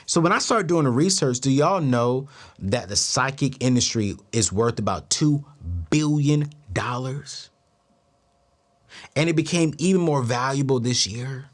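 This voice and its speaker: A male host telling a story in an animated monologue, acting out both sides of each conversation and jumping up in disbelief. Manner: expressive, acts out both sides of dialogues, voice jumps high in disbelief.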